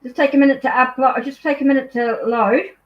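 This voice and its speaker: A woman's voice: high voice, fairly even intonation, fairly quick. Chatty New Zealand woman, dull lo-fi sound. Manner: chatty, easily distracted, apologetic, thinks aloud. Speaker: tarot reader hosting a live stream. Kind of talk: casual live-stream chat. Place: at home.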